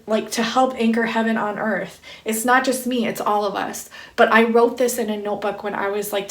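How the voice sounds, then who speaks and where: Excitable woman tarot reader, echoey room. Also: fairly high pitch. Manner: excited, emphatic, swears often; slow reverent reading aloud of card text. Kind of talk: spiritual card reading monologue.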